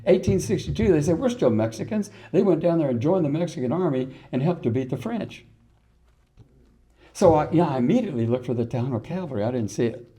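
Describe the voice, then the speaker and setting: A man's voice: on the high side, animated, fast talker, dark tone. An older man giving a folksy history lecture, telling stories and asking the audience rhetorical questions. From Texas. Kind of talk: public lecture.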